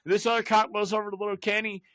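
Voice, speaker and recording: A young man with a high, bright voice tells stories in casual chat, swearing freely and breaking into laughter as he acts out the cops. The recording is dry and close, with no room around him. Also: little pitch movement, rapid-fire, no room sound. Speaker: podcast host.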